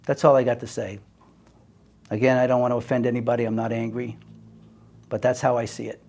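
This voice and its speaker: A man's voice: medium pitch, little pitch movement, brisk. Impassioned older American man. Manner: emphatic, earnest, swings between forceful and hushed. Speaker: speaker. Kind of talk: impassioned personal monologue.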